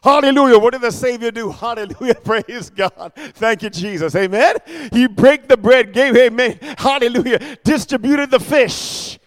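Guy preaching hard, lots of amens, up high one sec then quiet, big echoey hall. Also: normal speed, hardly any pauses. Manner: emphatic, calls for amens, swings from shouting to hushed. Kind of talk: sermon.

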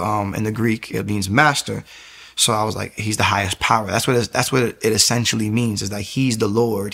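A man telling the story of his conversion in an animated, conversational way. His mid-pitched voice has a gravelly fry. He stumbles and restarts often and acts out what others said. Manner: animated, acts out quotes, many fillers and restarts. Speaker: speaker giving a personal testimony. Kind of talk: personal faith testimony, storytelling.

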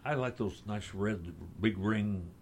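A man hosting a morning radio show, reading the weather and bantering with a co-host, relaxed and quick to laugh. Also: lowish voice, a crowd in the background. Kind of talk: weather forecast and casual chat.

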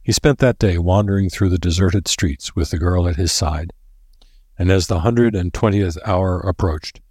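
A man narrates an audiobook in a steady, measured way. His voice is deep and husky. The recording is dry and close, with no room sound. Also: dry recording. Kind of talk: scripted narration.

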